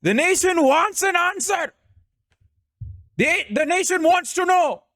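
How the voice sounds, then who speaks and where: A man doing an impression of a bombastic male TV news anchor who shouts accusations. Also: extremely high pitch, animated, slow pace, dry recording, clean studio sound, pitched above the performer's own voice, exaggerated voice. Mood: bellowing. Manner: bellowing, accusatory, theatrical.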